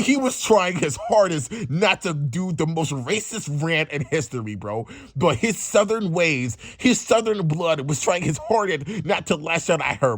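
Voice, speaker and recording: Animated young man telling a story. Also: a little high, no room sound, studio quality. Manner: animated, slangy, repeats bro. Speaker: vlogger. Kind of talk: casual storytime.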